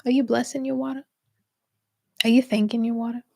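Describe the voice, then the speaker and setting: A young woman hosts a spiritual livestream, chatting loosely with her viewers and laughing often. Her voice sits a little high, with a gravelly fry that runs through her speech. The sound is dry and close, with no room around it. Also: level tone, brisk, dark tone, no room sound. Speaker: spiritual reader hosting a livestream. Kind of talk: casual livestream chat with viewers.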